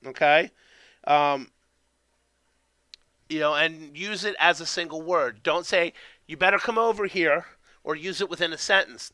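A man's voice: a little high, pushed and bright, dry recording. A man giving a loose, conversational lesson on training a puppy, tagging nearly every point with "okay?" and trailing fillers and restarts. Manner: keeps tagging sentences with "okay?". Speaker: dog training instructor. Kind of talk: instructional talk.

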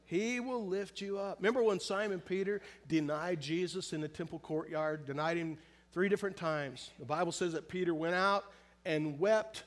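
A man preaching a sermon in earnest, pressing hard on some phrases and drawing others out softly and slowly, often asking his listeners direct questions. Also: fairly high pitch. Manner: earnest preaching, shifts between loud emphasis and soft, slow, drawn-out phrases. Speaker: pastor.

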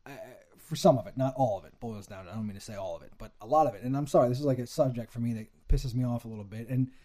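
A man's voice: medium pitch, racing, dark tone, no room sound. A young man ranting heatedly with lots of swearing in a casual chat.

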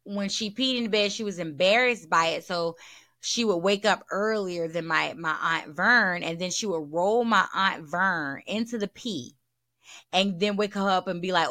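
A woman's voice: fairly low pitch, moderate pace, bright, forceful tone. A woman hosting a candid solo podcast, talking bluntly and profanely and repeating her points for emphasis. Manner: blunt and profane, talks frankly. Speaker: podcast host.

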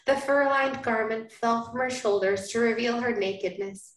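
A woman hosting a podcast, reading a romance novel aloud in a hushed, dramatic cadence. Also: fairly high pitch, normal speed. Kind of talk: dramatic reading with joking asides. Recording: roomy, echoey room.

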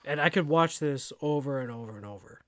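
Guy cohosting a podcast, kinda high voice, rambles w/ lots of likes, dry close sound. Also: a little fast, a bit bright, dry recording. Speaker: podcast co-host. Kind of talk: casual chat.

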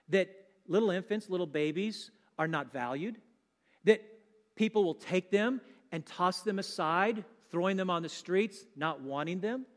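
A man's voice: sits high, fairly bright tone, big-room sound. A man preaching a sermon as a guest speaker in a church, chatting with the congregation and joking along the way. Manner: conversational and joking, quizzes the congregation.

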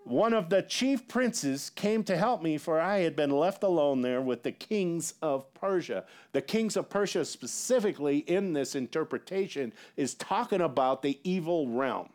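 Animated male preacher, lively pitch. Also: moderate pace, hardly any pauses. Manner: animated, conversational preaching with asides. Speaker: pastor. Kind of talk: sermon.

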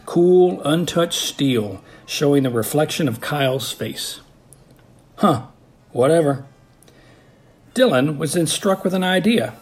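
A man reading a scripted story aloud with dramatic, ominous storytelling. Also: mid-range voice. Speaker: narrator.

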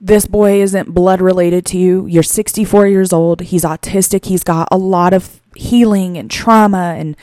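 A woman podcast host telling a moving personal story, tearful and halting, with frequent restarts. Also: fairly low pitch, fairly even intonation, warm tone, no room sound, clean studio sound.

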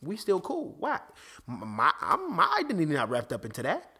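Animated man hosting a faith podcast. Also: on the high side, normal speed, breathy edge. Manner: animated, restarts often, acts out conversations. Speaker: podcast host; father. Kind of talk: casual faith talk.

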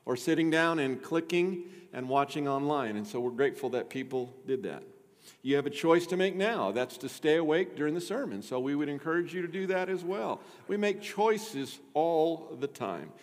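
Pastor preaching in a reverberant church. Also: male voice, fairly high pitch. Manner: lively, with joking asides to the congregation. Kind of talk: sermon. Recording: long reverb of a church sanctuary.

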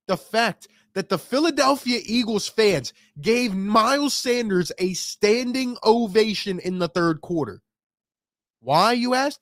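A man's voice: high-pitched, no echo, clean studio sound. A young man ranting in frustration after his team's loss, firing off rhetorical questions to his stream chat. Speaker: sports fan streamer. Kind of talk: ranting post-game commentary.

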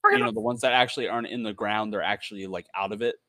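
A man's voice: lowish voice, racing, no room sound. Man casually telling a story, swearing. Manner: relaxed, swears freely, many fillers.

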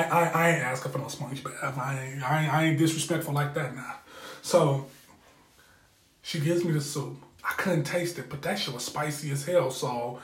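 A man telling a story in a candid, profane, rambling way, often repeating himself as he hosts his own show. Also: a little high. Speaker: podcast host. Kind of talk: casual storytelling. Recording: roomy echo.

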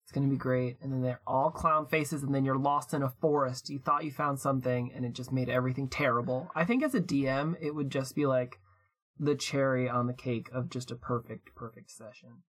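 A man's voice: mid-range voice, steady tone, brisk, a bit bright, husky. Playful laughing male podcast co-host. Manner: playful, giggly, spins absurd ideas. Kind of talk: casual chat.

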